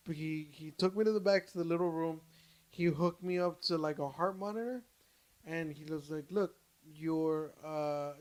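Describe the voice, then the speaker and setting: Animated, foul-mouthed podcast host. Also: male voice, fairly high pitch. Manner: animated, swears freely, many restarts and fillers. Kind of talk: casual podcast storytelling.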